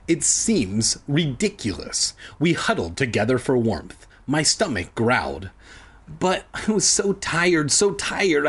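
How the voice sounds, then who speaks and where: A man's voice: mid-range voice, husky. A man reading a children's book aloud for comedy, with sarcastic, profane asides. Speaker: comedic reader.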